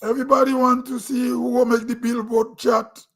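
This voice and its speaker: A man with a Grenadian accent hosting a show and giving his opinion in a deliberate, emphatic way with pauses. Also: very high voice, little pitch movement, gravelly. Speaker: host. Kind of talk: opinion commentary.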